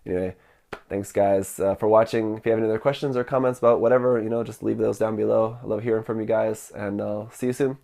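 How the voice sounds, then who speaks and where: Nasal man with a cold, gravelly. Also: lowish voice, steady tone, warm tone. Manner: halting, with many fillers. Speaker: model kit channel host. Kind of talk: casual video commentary.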